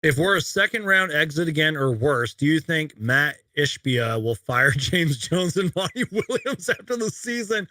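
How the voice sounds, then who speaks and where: A man's voice: a little high, sing-song, moderate pace, few pauses, bright, forceful tone, dry recording. A young man hosting a casual live Q&A stream from home, rambling chattily as he reads viewer questions. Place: home room with shelves of collectibles.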